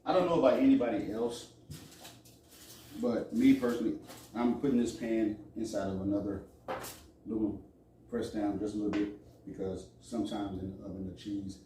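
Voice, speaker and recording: A man's voice: fairly low pitch, steady tone, normal speed, long pauses, dark tone, a little hiss or hum. A middle-aged man hosting a casual cooking demonstration, chatting and joking with viewers as he works. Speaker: cooking show host. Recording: echoey kitchen, from a distance.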